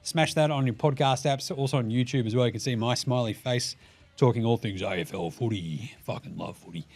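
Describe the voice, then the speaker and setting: A man with an Australian accent hosting a solo sports podcast, talking in a swearing, animated, jokey way. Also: medium pitch, a little fast. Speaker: podcast host.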